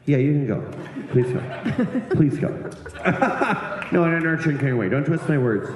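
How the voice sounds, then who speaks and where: Brash comedian in an echoey club. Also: male voice, fairly high pitch, very animated, a little slow. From eastern United States. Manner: brash, profane, riffing with the crowd. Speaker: stand-up comedian doing crowd work. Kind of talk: live stand-up crowd work.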